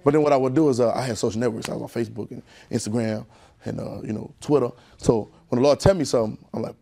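A male preacher delivering a sermon, chatting with the congregation in folksy asides and building up in pitch and volume as he drives his points home. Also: fast, creaky, mellow.

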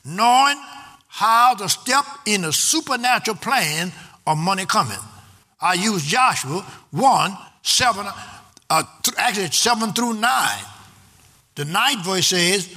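A man preaching a sermon, prompting the congregation to answer back and reading scripture aloud in a slow, stressed cadence. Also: high voice, animated, pushed and bright. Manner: exhorting with call-and-response to the congregation. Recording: long hall reverb.

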